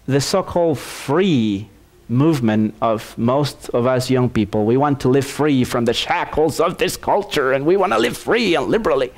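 Man, pastor, sermon, animated storytelling, mid-range voice, frequent restarts. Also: medium pitch.

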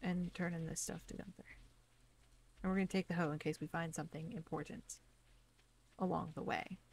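A woman's voice: fairly low pitch, fairly even intonation, fairly quick, gravelly, a little mellow, slight background noise. A woman streamer chatting casually to herself as she plays a farming game, narrating each step. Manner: chatty, talks to herself while playing. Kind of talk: casual gameplay commentary. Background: game music.

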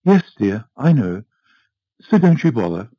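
A man's voice: medium pitch, big pitch swings, a little slow, dull audio. A man voicing a meek, anxious middle-aged wife who speaks timidly and pleads with her husband.

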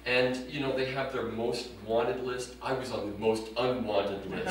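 Deadpan man doing stand-up. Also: mid-range voice, very slow, pauses often, recorded from a distance, a crowd in the background. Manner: deadpan, prim, self-mocking delivery. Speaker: stand-up comedian. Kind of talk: stand-up comedy set. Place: room with a live audience. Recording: echoey room recorded from afar with audience noise. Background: audience laughter.

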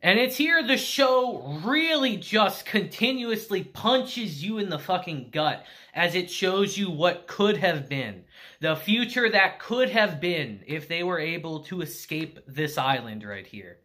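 Animated male anime reviewer. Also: high voice, unhurried. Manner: animated, emphatic, swears freely. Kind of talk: casual episode recap.

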